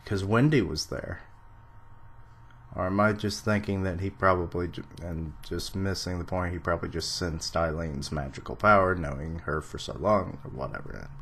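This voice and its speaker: A man reading a manga chapter aloud on a live stream and commenting on it, with dry sarcastic asides and now and then clearing his throat. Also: deep voice, fairly even intonation, normal speed, fairly bright tone, slight background noise. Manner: clears throat, mentions allergies. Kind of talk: casual live reading and reaction.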